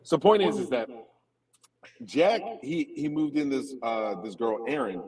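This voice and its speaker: A man in casual conversation, telling a funny personal story with lively laughter, heard from a distant phone. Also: mid-range voice, a little slow, husky. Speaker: comedian guest. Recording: distant phone audio with crowd noise. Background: crowd chatter at a cookout.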